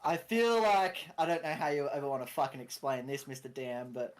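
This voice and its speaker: A man with an Australian accent playing his character at a tabletop game, giggling and swearing in quick asides. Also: mid-range voice, steady tone. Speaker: player. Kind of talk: casual tabletop role-play.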